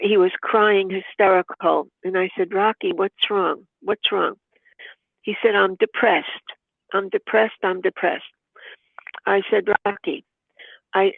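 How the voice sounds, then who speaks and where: A woman's voice: mid-range voice, creaky, no echo. An older woman, a podcast guest, telling a heartfelt personal story in an earnest, devout way and acting out remembered dialogue. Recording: tinny phone-like line, dry.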